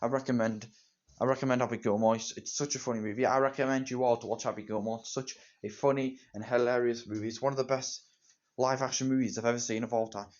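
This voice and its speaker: A man's voice: mid-range voice, fairly even intonation, fast, darkish tone. A teenage boy, reviewing a movie in rambling, repetitive fan talk. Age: teens. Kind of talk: casual solo movie review. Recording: dull lo-fi home recording.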